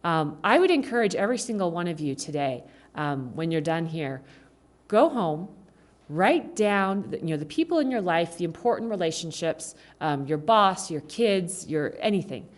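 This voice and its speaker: Woman, lowish voice, church talk, conversational, animated. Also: moderate pace. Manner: conversational, animated, acts out quoted speech. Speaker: guest speaker at a church service. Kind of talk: informal talk to a congregation.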